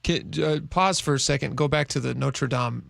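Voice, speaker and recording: Gravelly-voiced chatty male radio host. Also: medium pitch, normal speed, fairly bright tone, no echo. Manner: chatty, jokey, asks eager questions. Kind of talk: casual talk-radio banter. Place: radio studio.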